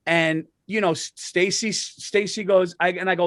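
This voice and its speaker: A man co-hosting a podcast, telling animated comedic stories with lots of swearing and restarts. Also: high voice, moderate pace, few pauses, dry recording. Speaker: podcast co-host. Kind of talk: casual comedic chat.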